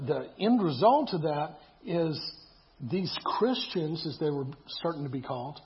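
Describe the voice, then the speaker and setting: A man preaching a sermon in a conversational way, repeating himself and asking rhetorical questions. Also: a little high. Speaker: pastor. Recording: dull lo-fi sound.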